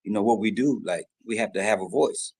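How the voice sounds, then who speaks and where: A man's voice: lowish voice, fairly quick, a little mellow, slightly rough, low-quality recording. A man, a barber guest, making his point insistently and repeating it for emphasis. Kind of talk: casual discussion.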